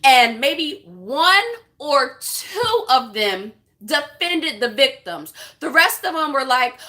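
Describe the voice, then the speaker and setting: A woman with a high voice and a bright, forceful tone delivers a vlog rant to her viewers. She talks bluntly and with passion and swears freely. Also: sing-song, takes it slowly. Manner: impassioned, blunt, profane. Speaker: vlogger. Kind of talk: casual vlog rant to camera.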